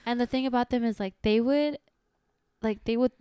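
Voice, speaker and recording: A woman talking casually on a podcast, relaxed and chatty, with many filler words. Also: a little high, moderate pace, smooth, dry recording, clean studio sound. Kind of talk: casual chat.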